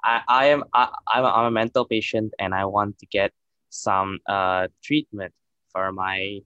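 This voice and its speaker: A man's voice: lowish voice, flat delivery, measured pace, sharp tone, smooth, no echo, lo-fi sound. A man voicing a bumbling male mental patient talking to his doctor, in a clumsy put-on Irish accent with stammering starts. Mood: flustered.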